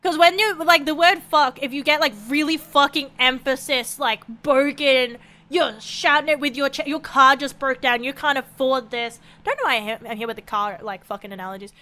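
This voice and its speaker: A woman's voice: sits high, moderate pace, few pauses, pushed and bright. An Australian woman streaming a game, chatting casually, swearing freely and laughing often.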